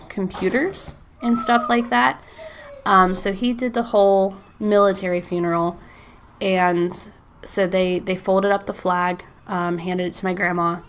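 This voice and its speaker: A woman's voice: on the low side, slight background noise. A woman in her thirties hosting a faith podcast alone, chatting casually with many "like"s and small laughs, at times close to tears. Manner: chatty, frequent "like" and "um", laughs between thoughts. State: emotional, near tears. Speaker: podcast host.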